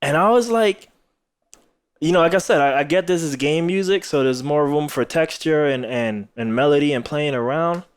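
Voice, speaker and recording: A man's voice: on the high side, normal speed, clear, resonant tone. A tired man hosting a podcast, talking casually with lots of fillers and frequent laughter. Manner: laughs often, rambling with many fillers. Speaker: podcast host. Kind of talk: casual chat.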